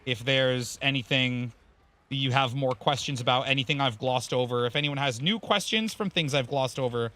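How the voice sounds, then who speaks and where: A man's voice: medium pitch, normal speed, bright, forceful tone. A man streaming a game, rambling casually, explaining the game and thanking viewers by name with the odd curse. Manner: casual swearing. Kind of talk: casual live-stream chat.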